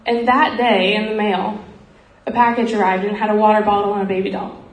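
A woman's voice: mid-range voice, level tone, brisk. Woman telling a moving story, lots of ums, echoey room w/ a little hiss. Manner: earnest, frequent ums, grows emotional. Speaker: speaker sharing a missionary story. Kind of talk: heartfelt storytelling talk. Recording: roomy echo, faint background noise.

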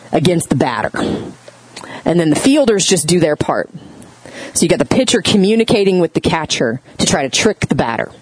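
A woman's voice: low voice, breathy edge, rough recording. Woman preaching a conversational sermon. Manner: conversational, animated storytelling with audience questions. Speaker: pastor.

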